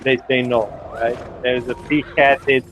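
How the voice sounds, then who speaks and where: A man with a Serbian accent giving an online university lecture, halting and full of "uh" fillers. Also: medium pitch, little pitch movement, music in the background.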